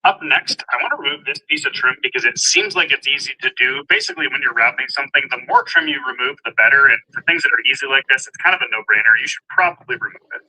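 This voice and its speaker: A man explains a hands-on car project step by step, plain and upbeat. His voice is sharp and very bright, with a husky, raspy edge, and he keeps an easy, casual how-to manner. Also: medium pitch, fast, few pauses, rough recording. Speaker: DIY car vlogger.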